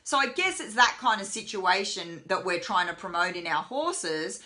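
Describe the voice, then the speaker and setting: A woman's voice: mid-range voice, sing-song, normal speed, sharp tone. A woman horsemanship trainer giving a casual live lesson, chatty with lots of fillers. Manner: chatty, many fillers, voices the horse's thoughts.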